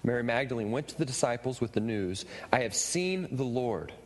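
Expressive male preacher in a reverberant hall. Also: mid-range voice, moderate pace. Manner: expressive preaching with rising emphatic questions. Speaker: pastor. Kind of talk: sermon. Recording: reverberant hall with faint ambient noise.

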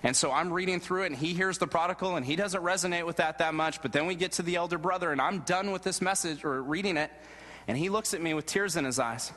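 A man preaching a sermon and telling a personal story in an earnest way, going low and soft at the moving parts. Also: fast talker. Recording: long reverb of a large hall.

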